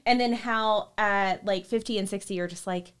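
A woman's voice: medium pitch, normal speed, clear, resonant tone. A woman hosting a podcast, chatting enthusiastically and filling her talk with "like". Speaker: podcast host. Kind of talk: casual chat.

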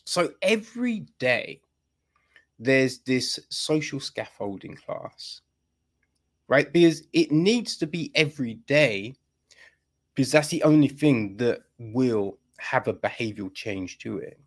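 A man co-hosting a podcast in casual, opinionated chat, talking in a profane, animated way and acting out little dialogues. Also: mid-range voice, slow pace. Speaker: podcast co-host.

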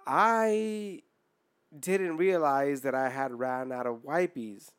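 A man's voice: mid-range voice, takes it slowly, clear, resonant tone. A man hosting a podcast, telling a crude story in casual chat, swearing often and laughing as he goes. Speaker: podcast host.

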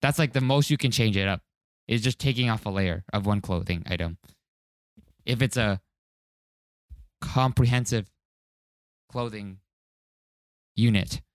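A man's voice: fairly low pitch, unhurried, pauses often, dry recording. Laid-back young man on a podcast. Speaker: podcast co-host keeping time. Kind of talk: casual chat.

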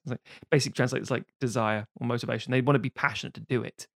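A man, co-hosting a podcast, reviewing a film in casual, sweary, animated chat. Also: mid-range voice, fairly quick, vocal fry, long pauses, no room sound, clean studio sound. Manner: sweary, animated retelling of scenes. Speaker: podcast co-host reviewing films.

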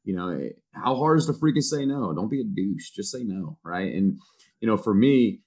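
A man in his thirties, a football coach on a podcast, telling stories in a profane, self-mocking, animated way. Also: lowish voice, normal speed, creaky. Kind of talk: casual storytelling chat.

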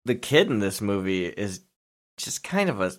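A man's voice: fairly low pitch, sing-song, normal speed. A man co-hosting a podcast, chatting casually and critically about a film with a wry, mocking edge. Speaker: podcast co-host. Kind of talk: casual movie review chat.

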